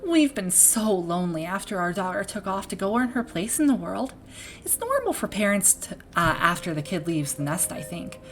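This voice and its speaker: A woman's voice: medium pitch, very animated, normal speed, pitched above the performer's own voice, lightly acted. A woman putting on a gossipy folksy game parent. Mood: gossipy, fretful. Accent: put-on Minnesota accent drifting to Irish. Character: chatty small-town parent in a video game. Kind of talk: reading game dialogue aloud.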